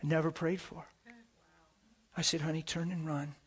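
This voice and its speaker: A man preaching with a somewhat high voice. He tells stories animatedly, jumping from near-shouts to hushed whispers and laughing as he talks. A lively, unpolished pulpit delivery. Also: normal speed, slightly rough. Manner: laughs while talking. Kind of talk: sermon with personal stories.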